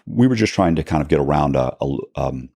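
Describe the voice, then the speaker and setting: A man's voice: a bass voice, animated, brisk, gravelly, dark tone, breathy edge, no room sound, clean studio sound. A man, a podcast guest, telling a story in a casual, rambling way with many restarts. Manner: rambling, frequent restarts, acts out quoted dialogue. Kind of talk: casual storytelling in a long interview.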